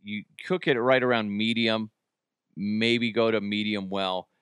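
A man's voice: on the low side, steady tone, unhurried, a bit bright, smooth, no echo, studio quality. A man in his thirties hosting a casual solo podcast, rambling and joking, cursing freely and laughing at his own jokes. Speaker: podcast host.

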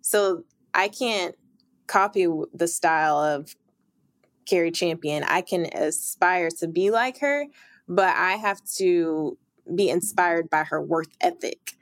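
A woman's voice: fairly low pitch, slow, no room sound. A young woman sports reporter, interviewed, talking in upbeat, emphatic bursts with occasional laughs.

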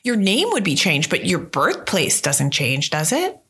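A woman's voice: on the low side, wildly swooping pitch, measured pace, fairly bright tone, husky. A woman guest chatting with her best friend, teasing and asking skeptical questions. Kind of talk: casual chat.

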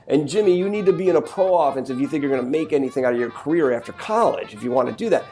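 A man's voice: on the high side, lively intonation, racing, warm tone, soft background music. A man telling a rambling story in casual chat, with many restarts as he goes. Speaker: podcast co-host.

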